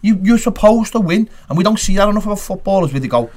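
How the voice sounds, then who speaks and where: Fast, high-voiced man ranting. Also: expressive, a crowd in the background. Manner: emphatic, rambling, acts out quotes. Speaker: podcast co-host. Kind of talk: casual football podcast chat.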